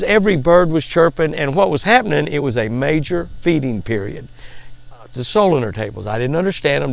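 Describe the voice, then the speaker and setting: An older man, an outdoor show host, tells a folksy hunting story, repeating phrases for emphasis and dropping to a hush at tense moments. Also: medium pitch, vocal fry.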